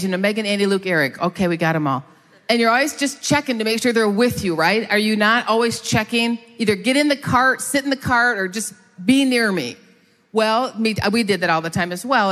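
A middle-aged woman pastor telling a story in a sermon, chatty and animated, turning to the congregation with quick asides. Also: mid-range voice. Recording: long hall reverb.

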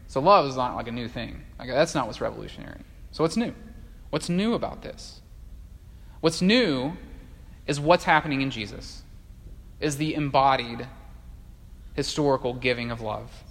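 A male pastor preaching a sermon in a conversational, animated way, with frequent fillers and restarts. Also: medium pitch, normal speed. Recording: long hall reverb.

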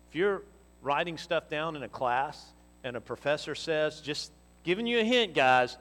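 A man preaching a sermon. He speaks with emphasis, rising to loud exhortation and dropping to quiet teaching. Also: fairly high pitch, lively intonation, moderate pace. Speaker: pastor. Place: church hall. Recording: long reverb of a church hall.

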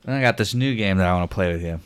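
A man hosting a casual podcast chat, laughing often and acting out quotes in animated voices. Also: low voice, racing, clean tone. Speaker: podcast host.

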